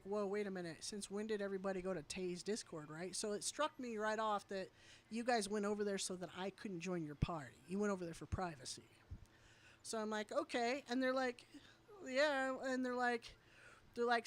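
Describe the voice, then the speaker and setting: A woman variety streamer telling a story to her chat in a blunt, heated way, swearing freely. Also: medium pitch.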